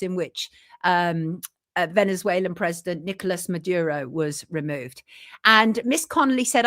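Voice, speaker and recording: A woman hosting a casual live show, chatting warmly with her audience and reading out viewer comments in an animated way. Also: mid-range voice, dry recording, studio quality. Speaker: journalist and show host.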